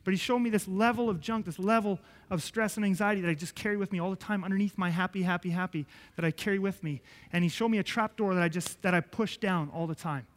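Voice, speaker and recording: A man preaching a sermon as pastor, telling a personal story with sudden swings from hushed to loud. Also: high voice, fast talker, few pauses. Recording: church hall reverb.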